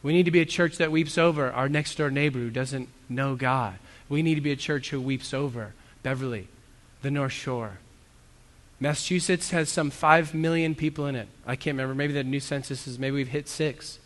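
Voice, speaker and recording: A man's voice: medium pitch, normal speed. A man preaching a sermon as a pastor, earnest and conversational, with self-deprecating asides. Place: church hall. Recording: long reverb of a church hall.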